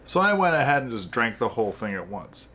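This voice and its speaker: Male host, deadpan joke teller, mid-pitched voice, dry casual delivery. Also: a little fast. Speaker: podcast host telling jokes.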